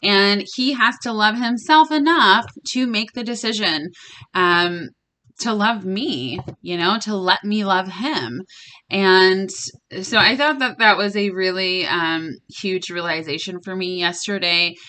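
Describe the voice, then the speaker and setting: A young woman chatting casually in a tarot reading vlog, blunt and quick to swear, laughing often. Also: medium pitch, pushed and bright. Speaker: tarot reader and vlogger.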